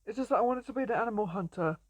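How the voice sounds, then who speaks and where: A woman's voice: medium pitch, lively intonation, rapid-fire, breathy edge, no echo. A young woman chatting playfully while commentating a survival game she is playing. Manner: chatty and playful, often laughing and greeting animals. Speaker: gameplay commentator. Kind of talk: casual let's-play commentary.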